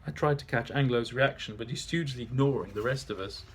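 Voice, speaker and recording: A man's voice: medium pitch, fast talker, a little hiss or hum. A man narrating his memoir in a dry, wry manner.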